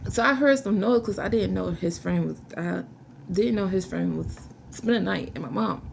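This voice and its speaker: A young woman giving an emotional personal testimony to a camera, halting and searching for words while fighting back tears. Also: medium pitch, vocal fry, a little hiss or hum. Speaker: vlogger telling her life story.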